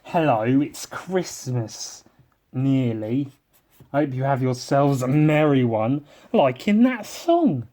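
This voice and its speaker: Guy talking slow n sweary while he draws, mocks himself, dumb puns, mid pitch. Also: mellow. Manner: sweary, self-mocking, silly wordplay. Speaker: podcast host. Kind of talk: rambling comic monologue while drawing.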